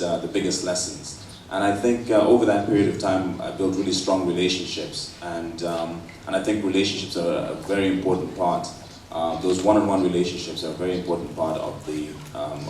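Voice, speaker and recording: A man on a conference panel, speaking in a measured way with frequent fillers. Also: low voice, fairly even intonation, a little mellow, slight background noise. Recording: very echoey hall from far off.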